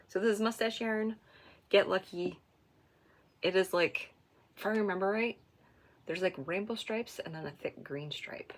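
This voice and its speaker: A woman hosting a knitting podcast, chatting casually and self-deprecatingly, often trailing off into soft asides. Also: medium pitch, a little slow, pauses often. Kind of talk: casual stash-tracking chat.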